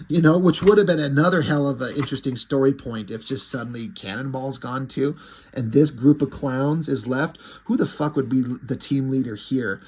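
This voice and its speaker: Husky-voiced man recapping a comic. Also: medium pitch, moderate pace, a little mellow. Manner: irreverent and profane, acts out character lines. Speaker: comic book reviewer.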